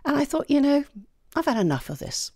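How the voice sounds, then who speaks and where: A woman's voice: high-pitched, very animated, a little fast, a little mellow, no echo, studio quality. An older woman with a British accent, a retired physician telling her life story in a casual interview. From United Kingdom. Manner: chatty, candid storyteller.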